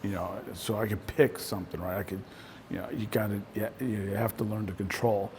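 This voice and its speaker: A man's voice: fairly low pitch, steady tone, a little fast, a little mellow, a little hiss or hum. A man in the role of a real estate coach, giving a casual, conversational talk to a small group and often ending points with "right?". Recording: voice in a reverberant room.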